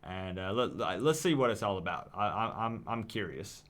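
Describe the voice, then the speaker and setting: A man's voice: fairly low pitch, expressive, normal speed, a bit bright. A man from East Tennessee with its accent, hosting a livestream and taking calls in a hyped, friendly way, often repeating words. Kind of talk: casual livestream chat.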